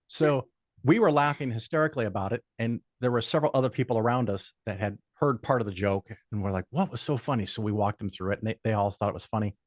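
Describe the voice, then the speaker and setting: An older man appears as a podcast guest, swapping stories in casual chat full of swearing and animated anecdotes with quoted voices. His voice is on the low side and quick-paced, recorded with clean studio sound and no room sound.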